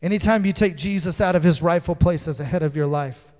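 High-pitched man preaching in a reverberant hall. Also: brisk. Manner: dynamic, swings from loud to hushed. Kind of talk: sermon.

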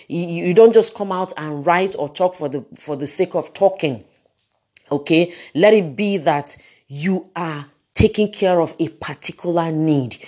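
Animated woman lecturing, low voice. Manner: animated, repeats words, many fillers. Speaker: teacher. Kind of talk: lecture on public speaking.

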